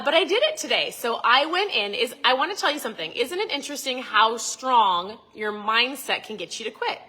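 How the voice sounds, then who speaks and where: A woman's voice: mid-range voice, pushed and bright, slightly rough, low-quality recording. A middle-aged woman vlogging outdoors on her phone, chatting in a rambling motivational way and acting out her own inner voices. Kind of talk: casual motivational vlog. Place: outdoors by a lake at dusk.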